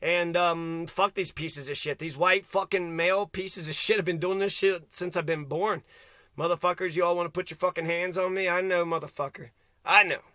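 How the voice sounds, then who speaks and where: A man's voice: high-pitched, steady tone, moderate pace, sharp tone, no echo. A man ranting angrily to camera outdoors, swearing constantly and rambling as he vents. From Kentucky. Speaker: vlogger. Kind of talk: angry profane rant to camera.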